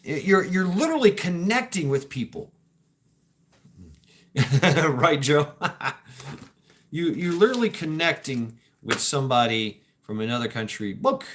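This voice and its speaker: Speaking in a high-leaning, very animated voice, a man hosts a casual livestream a little slowly, pausing often against a noisy background. He reads chat comments and rambles reflectively, repeating himself, laughing, joking and swearing casually.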